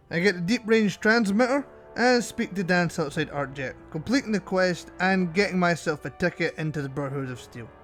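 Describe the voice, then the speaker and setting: A man's voice: a little high, fairly bright tone. A man narrating gameplay commentary as a channel host, wry and self-mocking.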